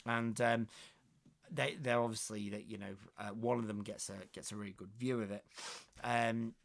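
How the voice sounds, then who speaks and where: Gravelly man explaining a novel. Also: on the low side, steady tone, normal speed. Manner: thoughtful, hesitant, many fillers. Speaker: literature video host. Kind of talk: reading a novel extract and explaining it.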